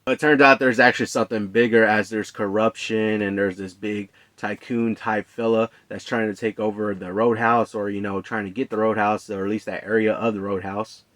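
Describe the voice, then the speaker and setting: A man with a fairly low voice gives a relaxed, conversational, unscripted movie review, talking briskly with hardly any pauses. He rambles with plenty of fillers and restarts, and the sound is close and dry with no room echo.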